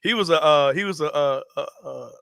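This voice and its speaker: A young man hosting a casual sports talk show, telling stories loudly, laughing often and swearing freely. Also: fairly high pitch, a little fast, vocal fry, dry recording, studio quality. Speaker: host.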